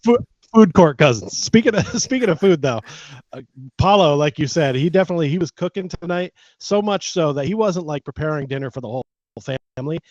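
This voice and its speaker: A man's voice: fairly high pitch, fairly quick, no echo. Joking male co-host on a dull lo-fi mic. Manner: joking, animated fan banter. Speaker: podcast co-host. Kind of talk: casual sports chat.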